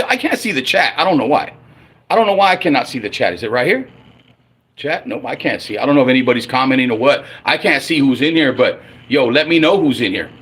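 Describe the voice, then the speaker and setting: This fairly high, slightly bright, husky voice belongs to a livestream host in his forties. He's a fan ranting on his own stream, and he's angry, blunt and profane.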